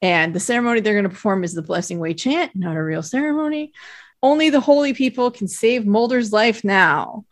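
A woman co-hosting a casual podcast, relaxed as she summarizes an episode's plot from her notes. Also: mid-range voice, fairly quick. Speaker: podcast co-host. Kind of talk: casual chat recapping a TV episode.

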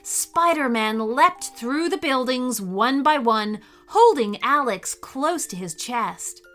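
A woman's voice: high voice, slow, faint music behind. Cheerful woman reading kids' stories. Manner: cheerful, animated storytelling. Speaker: podcast host and storyteller. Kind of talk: children's story narration.

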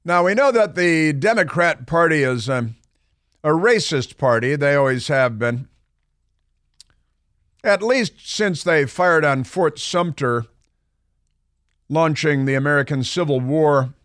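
A man's voice: on the high side, animated, slow pace, pauses often, a bit bright, no room sound. Sarcastic male talk radio host, dry. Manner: sarcastic, mocking. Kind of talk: opinion talk radio monologue.

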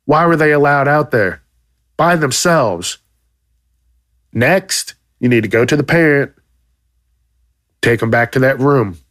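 A man rants into the mic with mock fury, swearing freely and building absurd threats for laughs. His voice sits at an ordinary middle pitch, and the recording is close and dry with no room sound. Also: animated, unhurried, long pauses, no echo. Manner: loud, swearing, exaggerated outrage. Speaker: podcast host. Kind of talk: profane comedic rant.

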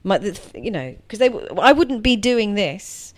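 A woman's voice: medium pitch, very animated, normal speed, no echo. A middle-aged woman, chatting as a podcast guest and often restarting her sentences. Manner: chatty, warm, frequent restarts and self-corrections. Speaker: guest actress. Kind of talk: casual podcast interview.

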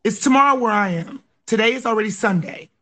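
An excitable woman from Los Angeles hosts a loose live podcast chat. She teases her co-host playfully and breaks into laughter easily. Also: a little high, quick pace. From Los Angeles, USA.

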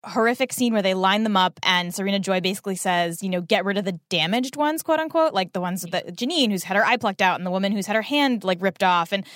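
Woman podcast co-host, fast and chatty, casual rambling recap, dry close-miked sound. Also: mid-range voice, dry recording. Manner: rambling, filler-heavy, animated retelling. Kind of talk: casual chat recapping a TV episode.

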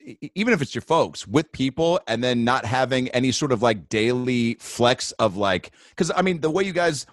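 Lively, laid-back guest guy. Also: medium pitch, normal speed, dry recording, clean studio sound. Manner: laid-back, laughing, says man and dude. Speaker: podcast guest. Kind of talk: casual chat. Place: remote video call.

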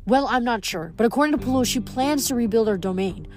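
A woman's voice: on the high side, animated, fast, a little mellow, lightly acted. A woman reading the lines of a thoughtful, earnest young female demigod in a storybook reading.

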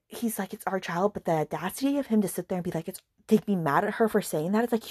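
A woman's voice: medium pitch, expressive, fast, darkish tone, breathy edge. A woman hosting a book podcast, retelling a plot in a heated, exasperated casual rant, with swearing and lots of "like" and "okay". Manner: many fillers like "like" and "okay".

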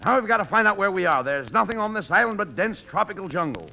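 A male straight man in a 1940s radio comedy sketch, brisk, bossy and exasperated. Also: high-pitched, big pitch swings, sharp tone, slight background noise.

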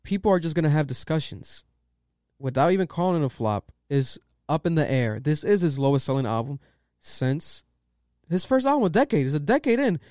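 A man hosting a casual podcast, riffing with loose, profane energy. His voice sits a touch high and comes through smooth. The sound is dry and close. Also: a little fast, dry recording. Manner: loose, profane, animated opinion talk. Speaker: podcast host.

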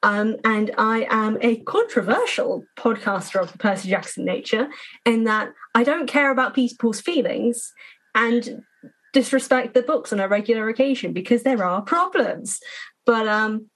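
A woman's voice: a little high, normal speed, low-quality recording. A British woman, a guest on a casual podcast, self-mocking and laughing often as she talks. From Britain.

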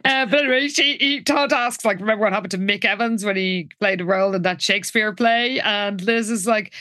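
A woman's voice: medium pitch, normal speed, few pauses, sharp tone, dry recording, studio quality. A woman co-hosting a casual recap chat, wry and laughing often. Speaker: podcast co-host.

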